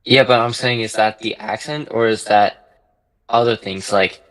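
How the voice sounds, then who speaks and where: A man with a fairly low voice taking part in a relaxed philosophical chat. He thinks aloud in a tentative, questioning way. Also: normal speed, rough recording. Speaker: discussion participant. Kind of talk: casual philosophical discussion.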